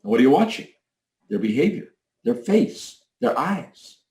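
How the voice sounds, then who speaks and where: Gravelly male leadership trainer, echoey. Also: a little high, very animated, moderate pace, a little mellow. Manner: coaching, emphatic, demonstrates tones of voice. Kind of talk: recorded leadership training talk. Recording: echoey room.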